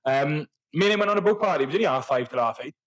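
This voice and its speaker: A man's voice: a little high, expressive, rapid-fire, fairly bright tone, dry recording, rough recording. Rambling, sweary young man. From Wales. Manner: rambling storyteller, swears freely, self-mocking. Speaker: podcast guest. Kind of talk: casual chat.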